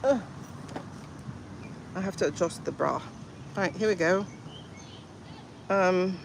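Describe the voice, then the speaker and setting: A woman's voice: fairly low pitch, takes it slowly, creaky, background noise. A woman hosting a casual livestream, chatting in a rambling, playful way with lots of asides. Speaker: livestream host.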